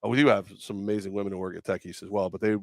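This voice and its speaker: Loud, animated male radio co-host. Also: fairly low pitch, rapid-fire, no echo, studio quality. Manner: loud storyteller, acts out voices with shouts. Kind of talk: casual sports talk banter. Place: live remote broadcast at a car dealership.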